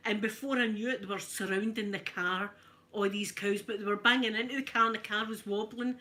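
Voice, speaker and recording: A Glaswegian woman in her fifties talks softly for an ASMR video while ironing. She spins lively stories in broad Scots and chats back to her viewers. Her voice is bright and sharp-edged, at a middling pitch for a woman. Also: fairly quick. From Scotland. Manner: animated storyteller, broad Scots words, chatting with viewers. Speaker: ASMR creator. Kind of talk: soft-spoken ASMR chat while ironing.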